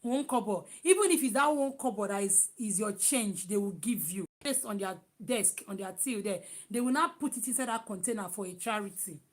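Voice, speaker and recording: A woman from Nigeria with a Nigerian accent, chatting casually in a vlog, loud and emphatic, with many restarts. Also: mid-range voice, expressive, a little fast, few pauses. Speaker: vlogger.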